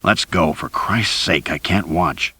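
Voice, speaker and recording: A man doing a gruff, curt, swearing man. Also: sits low, slow, sharp tone, no echo, full character voice. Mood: weary. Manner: curt, profane urgency. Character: gruff, blunt man, shaken but practical.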